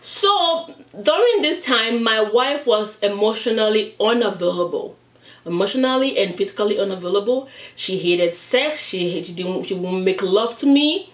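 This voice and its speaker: A woman voicing a man quietly confessing a dark past, in a low, hushed way. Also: lively intonation, normal speed, reverberant, far from the mic, lightly acted. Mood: confessional.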